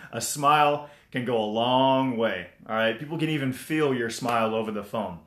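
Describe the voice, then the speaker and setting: A man's voice: medium pitch, moderate pace. A man hosts a casual live stream full of friendly tips. He talks in a mid-range voice, greets viewers by name and loops back over his points. The room gives his voice a noticeable echo. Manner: chatty, repeats himself, greets viewers. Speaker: motivational livestream host. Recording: roomy echo.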